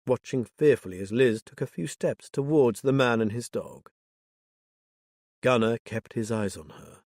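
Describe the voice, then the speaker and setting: A man narrating a thriller audiobook in a measured, even reading. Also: medium pitch, dry recording, clean studio sound. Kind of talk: scripted narration.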